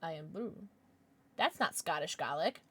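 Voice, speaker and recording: A woman's voice: low-pitched, lively intonation, normal speed, sharp tone, husky. A tired woman livestreaming a game, chatting casually and rambling with her viewers, reading out names and laughing often. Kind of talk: casual chat with viewers while gaming.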